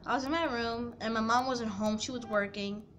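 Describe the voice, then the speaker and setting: A young woman in her late teens telling an upset personal story in a rambling casual way, swinging from quiet to loud and angry. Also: on the high side, steady tone, a little fast, a little hiss or hum. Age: young adult.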